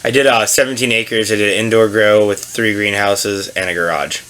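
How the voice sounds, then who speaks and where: A man hosting a casual chat, telling stories with lots of swearing and loud put-on voices. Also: lowish voice, a little fast. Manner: storytelling, swearing, loud animated impressions. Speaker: podcast host. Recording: faint background noise.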